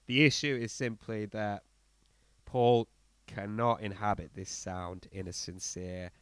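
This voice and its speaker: Smooth-voiced man bluntly reviewing music. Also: lowish voice, unhurried, no room sound. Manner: animated, blunt, many fillers and restarts. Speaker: podcast co-host. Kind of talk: casual album review chat.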